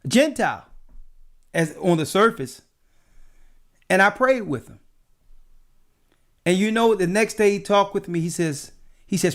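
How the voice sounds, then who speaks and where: A man with a fairly high voice tells stories from his travels in an easygoing chat. He is a church elder who keeps checking in with his listener with "right?" as he goes. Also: unhurried, pauses often. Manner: animated anecdotes with frequent "right?" asides. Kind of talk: casual storytelling chat.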